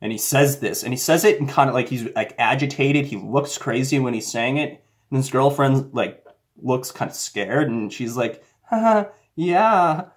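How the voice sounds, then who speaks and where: A man's voice: mid-range voice, normal speed. Rambling conspiratorial man. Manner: rambling, conspiratorial, many fillers. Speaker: commentator. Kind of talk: casual monologue.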